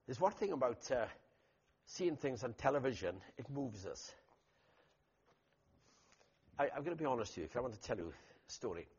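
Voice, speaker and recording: Husky preacher, animated storytelling. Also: male voice, medium pitch, moderate pace, pauses often. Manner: animated storytelling with loud emphatic bursts. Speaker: pastor. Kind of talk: sermon. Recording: dull lo-fi recording.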